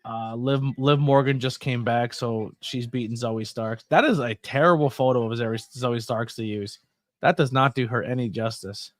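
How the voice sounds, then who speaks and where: This livestream host speaks at medium pitch and a moderate pace in a dry, studio-quality recording. He's chatty and relaxed, watching wrestling, telling stories he laughs at himself, and sounding sleepy with yawns.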